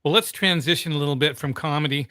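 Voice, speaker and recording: A man hosting an interview, telling a story in a relaxed, rambling way. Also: fairly high pitch, fast talker, clear, resonant tone, no echo, studio quality. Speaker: host. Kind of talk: conversational interview.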